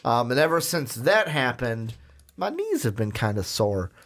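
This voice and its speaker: A man hosting a casual podcast chat, excitable and rambling with lots of fillers. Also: medium pitch, measured pace. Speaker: podcast host.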